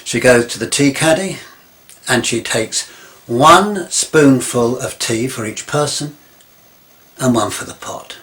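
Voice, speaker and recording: A man telling a rambling comic story in a pompous, self-important, deadpan way. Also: mid-range voice, slow pace. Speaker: comic character monologue.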